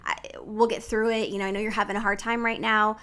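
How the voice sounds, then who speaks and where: A woman's voice: medium pitch, level tone, fast, fairly bright tone, lightly acted. A woman quoting her husband, an adult man, in her own voice as he reacts with exclamations. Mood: soothing.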